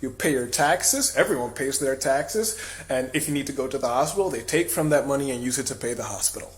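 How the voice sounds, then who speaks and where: A man's voice: medium pitch, animated, fast. A man from Europe with a mid-range voice tells a travel story. He keeps it plain and matter-of-fact. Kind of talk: casual storytelling clip.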